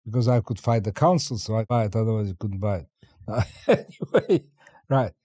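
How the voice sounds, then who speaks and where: Lively older man telling stories. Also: lowish voice, normal speed, no echo, studio quality. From China. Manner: animated storyteller acting out dialogue, laughing often. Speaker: guest. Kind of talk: interview storytelling.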